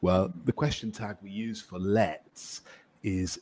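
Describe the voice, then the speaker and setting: A man teaching English grammar in a casual podcast chat, explaining clearly and encouraging his co-host. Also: low voice, fairly even intonation, slow pace, darkish tone, no room sound.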